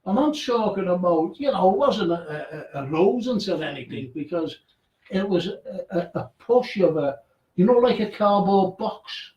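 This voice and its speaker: Bloke hosting a radio show, telling a ghost story with lots of restarts, sounds a bit far off and roomy. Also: male voice, high-pitched, lively intonation, normal speed, a little mellow, highs cut off. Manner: reads out listener names and messages, chatty asides. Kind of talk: casual chat, live show. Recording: echoey room, away from the mic.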